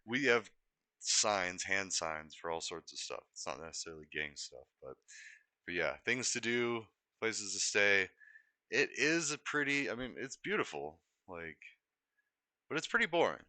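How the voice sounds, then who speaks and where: A man's voice: fairly low pitch, big pitch swings, measured pace, pushed and bright, dry recording. A young man from Colorado chatting casually on a live stream, rambling and easily sidetracked as he corrects himself. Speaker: livestreamer.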